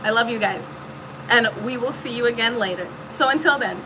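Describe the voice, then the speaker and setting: A woman's voice: a little high, brisk, noisy background. A woman giving a casual spiritual reading to her viewers, emphatic and preachy, swearing freely. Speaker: spiritual reader.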